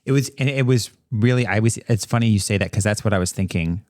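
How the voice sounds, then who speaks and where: Deep-voiced man in casual chat. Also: fast, darkish tone, no echo, clean studio sound. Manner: conversational, enthusiastic. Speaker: podcast co-host. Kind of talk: casual history discussion.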